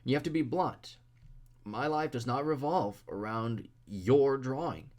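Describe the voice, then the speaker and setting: A young man rants to the camera with blunt, crude, exaggerated advice for fellow artists. His voice sits at an ordinary middle pitch. He talks in a loose, casual vlog manner. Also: a little slow, darkish tone.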